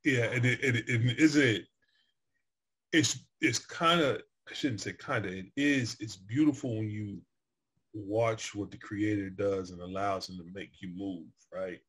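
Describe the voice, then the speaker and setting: Male host, husky mid voice, reflective chat. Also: lowish voice, measured pace, fairly bright tone. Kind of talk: casual interview chat.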